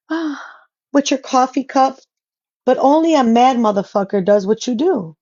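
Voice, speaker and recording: A woman's voice: sits high, a little slow, mellow. A woman ranting in a vlog callout, blunt, profane and confrontational, with a dull lo-fi sound. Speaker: social media vlogger.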